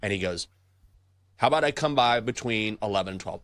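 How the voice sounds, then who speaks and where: A man's voice: mid-range voice, fairly quick, dry recording. A man co-hosting a sports betting show, telling stories in casual chat and acting out the voices he quotes. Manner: animated storyteller, acts out quoted voices.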